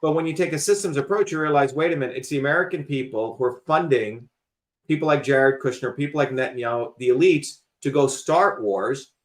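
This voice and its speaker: A man's voice: mid-range voice, brisk. A man hosting a talk show, lecturing emphatically in casual conversation and cursing freely. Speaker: host.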